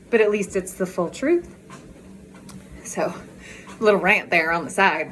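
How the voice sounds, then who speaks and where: A woman's voice: mid-range voice, fairly bright tone, a little hiss or hum. A woman vlogger chatting candidly in a casual walk-and-talk video, talking outdoors as she walks.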